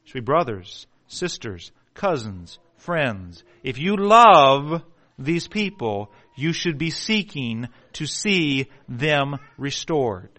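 A man preaching a sermon with passion, swinging from hushed pleading to near shouting and stumbling over words when worked up. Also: mid-range voice, very animated, slow pace. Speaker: pastor.

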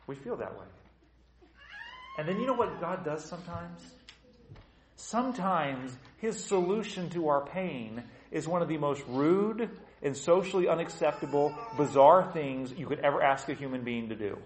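A man's voice: a little high, normal speed, slight background noise. A man preaching a sermon as pastor, blunt and conversational, acting out the doubting voices of his congregation and asking the room questions. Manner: animated, acts out the voices of troubled churchgoers. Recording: roomy church reverb.

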